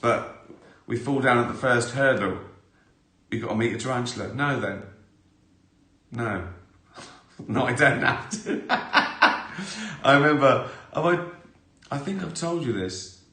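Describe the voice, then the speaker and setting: A man's voice: mid-range voice, animated, a little slow, pauses often, bright, forceful tone. A man hosting a live stream, rambling through self-mocking anecdotes with the odd swear. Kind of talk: casual anecdotal chat. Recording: roomy echo.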